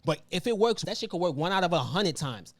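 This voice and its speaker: A man's voice: sits high, lively intonation, fairly quick, no room sound, clean studio sound. Slangy, argumentative man hosting a podcast. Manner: laid-back, argumentative, slangy. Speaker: podcast host. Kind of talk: casual opinionated chat.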